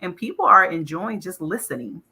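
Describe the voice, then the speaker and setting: Woman panelist, very bright, sharp tone, thoughtful. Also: on the low side, sing-song, moderate pace, breathy edge. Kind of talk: panel discussion.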